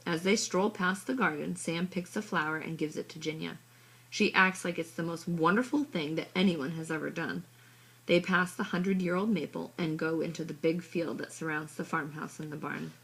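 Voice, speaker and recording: A woman reads a children's story in the first person, her voice low, soft and even. There is a gravelly fry at the ends of her phrases, and a husky breathiness runs through her voice. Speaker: audiobook reader. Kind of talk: storybook narration.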